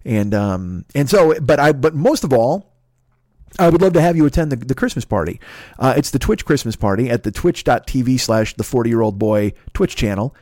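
A man's voice: mid-range voice, lively intonation, normal speed, darkish tone, no echo, clean studio sound. A man from Chicago hosting a podcast from home, delivering a profane, exasperated comedic solo rant. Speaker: podcast host. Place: his home.

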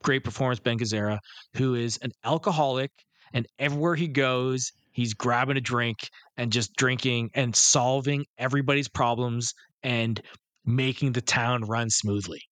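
A man's voice: medium pitch, steady tone, normal speed, fairly bright tone, no room sound. A man co-hosting a film podcast in casual chat, from Canada, rambling and swearing, often trailing off mid-thought. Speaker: podcast co-host.

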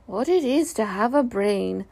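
A gentle, slow-witted bear muses aloud with drawn-out, puzzled words, as a woman reading a storybook puts him on. A light gravel runs through the voice. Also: on the high side, lively intonation, exaggerated voice. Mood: musing. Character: slow simple-hearted male teddy bear.

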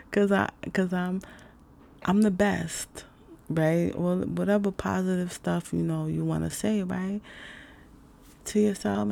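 A woman giving a casual self-help talk, laid-back and slangy with many fillers, dropping to a soft whisper when she walks through breathing exercises. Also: mid-range voice, gravelly.

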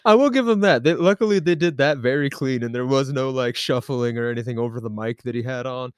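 Young male podcast co-host, lively, rambling storyteller, laughs a lot, dry voice. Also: medium pitch, brisk, clean tone, no echo. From American South. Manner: animated, laughs often, many fillers. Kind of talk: casual storytelling chat.

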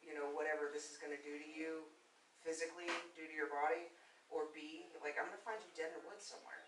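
A woman's voice: sits low, fairly even intonation, quick pace, fairly bright tone. A woman telling blunt, profane stories in a casual chat. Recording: roomy, distant mic with noise.

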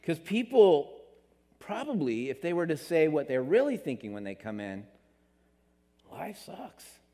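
A man preaches in a church sanctuary, his slightly high voice trailing off into a long hall reverb. He delivers an animated sermon, jumping up in pitch for emphasis and playing out quoted voices. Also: normal speed. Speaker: pastor.

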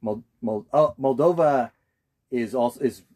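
A man co-hosting a casual podcast chat, laughing easily and dropping quick asides. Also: medium pitch, warm tone. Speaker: podcast co-host.

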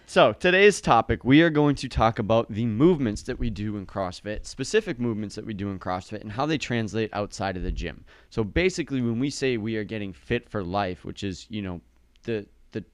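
A man's voice: fairly low pitch, a little fast, clear, resonant tone, dry recording. A male fitness coach co-hosting a casual podcast, talking in an upbeat coaching tone with a slight lisp from a sore tongue.

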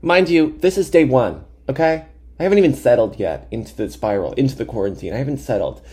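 Podcast host in his twenties, animated comic storyteller with a mellow voice, mocks himself and swears freely. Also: medium pitch, quick pace, slightly rough. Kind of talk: comedic storytelling monologue.

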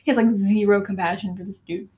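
A woman's voice: mid-range voice, steady tone, fast, mellow. A teenage girl hosting a podcast, retelling and reading aloud from a book in a chatty, filler-heavy way. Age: teens. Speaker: podcast host.

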